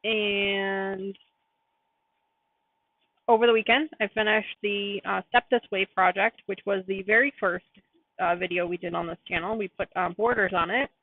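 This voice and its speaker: A woman's voice: medium pitch, steady tone, normal speed, dry recording. A woman hosting a live quilting stream in a chatty, apologetic way, laughing often as she talks. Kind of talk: casual live-stream sewing chat. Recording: dry, phone-like narrow sound.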